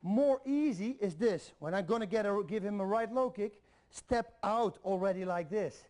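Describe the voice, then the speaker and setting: High-voiced man coaching kicks. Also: normal speed, a little mellow. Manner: direct, repetitive coaching with counted steps. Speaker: MMA instructor. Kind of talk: instructional video demonstration.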